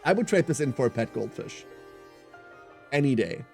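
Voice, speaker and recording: A man's voice: medium pitch, very animated, normal speed, gravelly, a little mellow, soft background music. A man in his thirties streaming a game, chatting casually and rambling with self-mocking humour as he answers chat. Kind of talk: casual live-stream chat while gaming.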